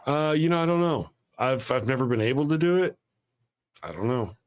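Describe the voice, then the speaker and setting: Man, livestream host, halting casual chat, mid-pitched voice. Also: lively intonation, clear, resonant tone. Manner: halting, restarts often, greets chat viewers.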